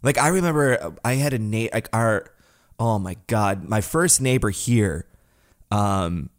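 A man's voice: lowish voice, a little slow. A man co-hosting a podcast, chatting casually in a laid-back, wry, joking way. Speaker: podcast co-host. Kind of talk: casual chat.

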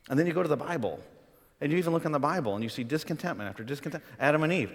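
A man preaching a sermon as pastor, conversational and animated, acting out quoted voices. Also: mid-range voice, fast, big-room sound.

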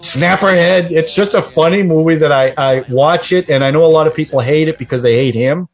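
A man with a husky, fairly high voice talks casually in a group. He is earnest and often trips over and repeats his words. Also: fairly quick. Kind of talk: casual chat about movies.

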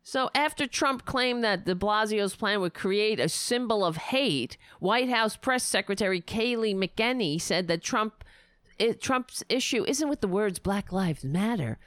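A woman delivering angry, sarcastic political commentary, ranting heatedly with profanity and sudden loud bursts. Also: medium pitch, no echo, clean studio sound.

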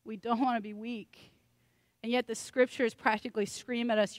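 A woman's voice: on the high side, flat delivery, moderate pace, no room sound. A woman pastor preaching a sermon in a conversational, joking way, with self-deprecating asides.

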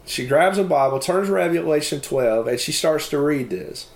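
A man giving a personal testimony and reading scripture aloud, speaking haltingly with many fillers and restarts. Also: fairly high pitch, lively intonation. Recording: echoey room.

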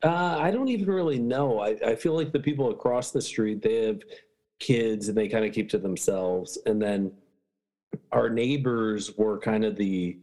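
A man's voice: on the low side, moderate pace, warm tone. A man in a casual chat, rambling with lots of fillers and swearing.

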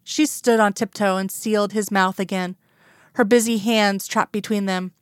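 A woman reading a romance story aloud as narrator, in a calm, even storytelling manner. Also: mid-range voice, moderate pace, smooth, dry recording, studio quality. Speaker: audiobook narrator.

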